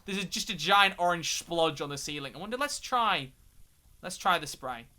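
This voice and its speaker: A young man talks through a live gaming stream with a bright, forceful voice pitched a little high. He rants freely, swears often and restarts his sentences as he goes. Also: lively intonation, normal speed. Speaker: game streamer.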